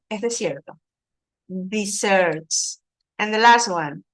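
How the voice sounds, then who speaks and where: A woman teaching an English lesson, slowly explaining words with glosses. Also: on the high side, expressive, a bit bright. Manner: slow, patient, explaining vocabulary with Spanish glosses.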